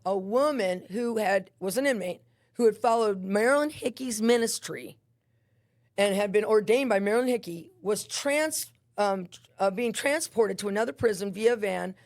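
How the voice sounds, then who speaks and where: A woman with a fairly high voice and a gravelly, fry-laden edge tells a personal testimony as an interview guest. She talks animatedly, acting out the scenes with little voices and sound effects. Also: a little mellow.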